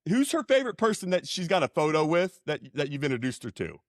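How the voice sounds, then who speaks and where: A man co-hosts a casual podcast with easy excitement, tossing in dude and man as he talks. His voice sits fairly high and swings widely, recorded dry and close. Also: fast, no echo. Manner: lively and excitable, calls people dude and man. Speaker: podcast co-host. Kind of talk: casual talk show chat.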